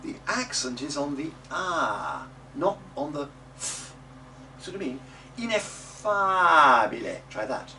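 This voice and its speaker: A middle-aged man leads a class through Italian diction, sounding each word out slowly for the group to echo back. His voice is fairly high and sits well back from the microphone. A steady background hiss runs under everything in the room. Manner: demonstrative, models words slowly for the group to repeat; chatty asides with little jokes. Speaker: early music teacher. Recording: distant mic in a noisy room.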